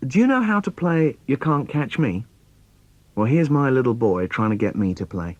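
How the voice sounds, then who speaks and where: Animated man telling children's poems. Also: mid-range voice, moderate pace, no room sound, muffled recording. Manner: animated, theatrical, gasps and whispers for suspense. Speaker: children's poet performing his poems. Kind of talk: dramatic storytelling reading for children.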